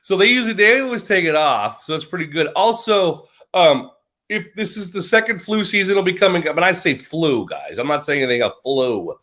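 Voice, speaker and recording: American man, slightly high-pitched, loose rambling talker who laughs through his sentences. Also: animated, brisk, sharp tone. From United States. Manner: rambling, joking, laughs often mid-sentence. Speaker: guest. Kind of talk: casual chat. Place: lives in Britain.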